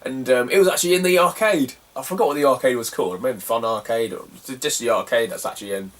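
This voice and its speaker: A man's voice: medium pitch, fast talker, fairly bright tone, distant mic. A young man, telling a rambling, slangy story as a retro gaming vlogger and laughing often between phrases. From Cornwall, England. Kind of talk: casual rambling anecdote.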